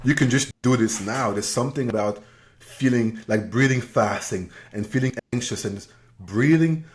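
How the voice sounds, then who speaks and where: A man's voice: mid-range voice, moderate pace. A man hosting an interview podcast, reflectively paraphrasing and affirming his guest. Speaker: podcast host. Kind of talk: conversational interview.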